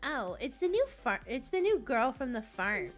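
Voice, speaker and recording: A woman's voice: high-pitched, very animated, normal speed, soft background music. A woman voicing a vain, self-absorbed young woman who whines. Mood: whiny.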